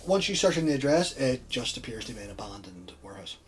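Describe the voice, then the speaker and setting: A man's voice: mid-range voice, very animated, quick pace. A man narrating as game master of a tabletop game, giving matter-of-fact rulings.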